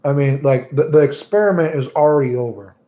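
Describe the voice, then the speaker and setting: A man's voice: mid-range voice, a little fast, mellow. A man livestreaming in casual chat, rambling and making crude jokes as he talks about fighting games.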